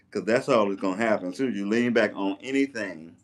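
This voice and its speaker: A man chatting casually on a livestream while he takes down his hair, telling stories with lively quoted voices. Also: on the low side. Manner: chatty, animated storyteller with playful voices in quotes. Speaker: live streamer. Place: at home doing his hair. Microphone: tablet mic.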